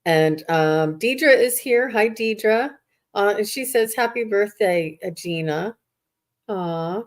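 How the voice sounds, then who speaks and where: A woman's voice: medium pitch, takes it slowly. A woman psychic medium chatting on a live stream over a video call, reassuring and greeting viewers by name.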